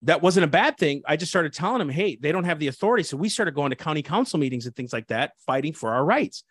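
Assistant pastor guest, fervent and preachy, light higher voice, dry close sound. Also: male voice, expressive, fast talker, fairly bright tone, husky, dry recording. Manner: fervent, preachy, frequent restarts and "dude". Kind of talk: impassioned interview talk.

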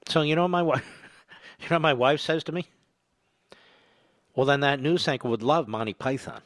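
A man's voice: on the high side, moderate pace, a bit bright, dry recording. An older man hosting a political talk radio show, delivering a combative, sarcastic monologue that swells to emphatic peaks. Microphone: studio microphone.

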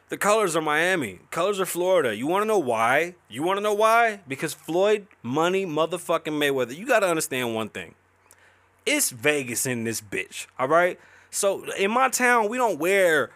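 A man's voice: fairly high pitch, a bit bright, no room sound. A man hosting a podcast, ranting casually with lots of swearing and jumping from topic to topic. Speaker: podcast host. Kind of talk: casual profane podcast rant.

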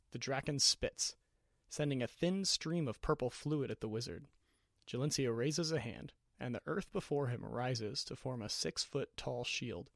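A man reading a fantasy story aloud as narrator, in steady, descriptive narration. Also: mid-range voice, creaky, dry recording, studio quality.

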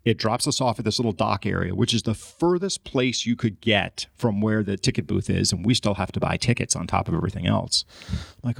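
Fast-talking gravelly man telling a story. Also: on the low side, dry recording, clean studio sound. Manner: animated storyteller, acts out his own frustration. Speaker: podcast guest. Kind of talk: storytelling in casual podcast chat.

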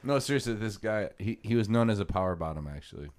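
A man's voice: on the low side, lively intonation, quick pace, a little mellow. A young man co-hosting a podcast who jokes and teases in a dry, casual way. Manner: teasing, joking, dry. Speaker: podcast co-host. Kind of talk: casual chat.

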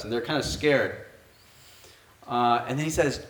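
A man's voice: a little high, fairly even intonation, normal speed. A man preaching a conversational sermon as pastor. He thinks aloud and keeps asking his listeners rhetorical questions. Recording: echoey room.

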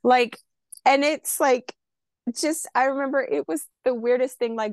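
A woman's voice: high-pitched, a little slow, dry recording, studio quality. A woman from California, a podcast guest, candidly telling a personal story and acting out the dialogue. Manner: candid, emotional, acts out quoted dialogue.

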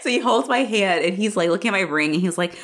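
A woman co-hosting a podcast, telling a story in casual chat, animated, laughing often and acting out what people said. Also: mid-range voice, fast talker. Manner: animated, laughs often, acts out quotes, swears freely. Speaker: podcast co-host.

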